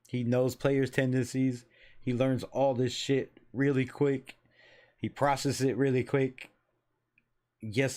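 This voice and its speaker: A man in his forties from Los Angeles runs his own football talk channel, with an everyday middle-pitched voice. He rambles along loosely, swears casually and laughs at his own remarks. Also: darkish tone. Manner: loose, chatty, swears freely, laughs at himself. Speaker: sports channel host. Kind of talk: casual sports commentary.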